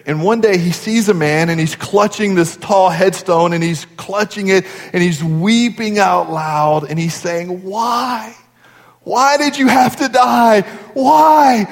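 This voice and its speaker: High-voiced pastor preaching in a reverberant hall. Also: male voice. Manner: earnest, conversational storytelling. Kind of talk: sermon.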